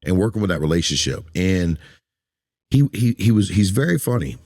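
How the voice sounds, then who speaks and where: Deep-voiced man, emotional and halting. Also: sing-song, a little mellow. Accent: Eastern Shore American. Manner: emotional, halting, repeats words, tearful at times. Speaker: podcast host. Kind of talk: emotional conversational interview.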